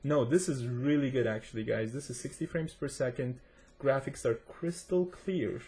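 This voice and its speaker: A man's warm, medium-pitched voice moves at a moderate pace as he plays and tests a game for his viewers. A gaming tech reviewer who calls his own accent non-native, he keeps the commentary casual, chatty and rambling.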